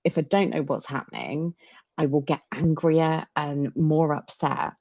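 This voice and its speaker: A woman with a low voice talks openly in a casual chat, stumbling and restarting as she goes. The recording sounds dull and lo-fi. It is also dry, with no room sound. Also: fairly even intonation, creaky, darkish tone, no echo. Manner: candid, halting, many restarts.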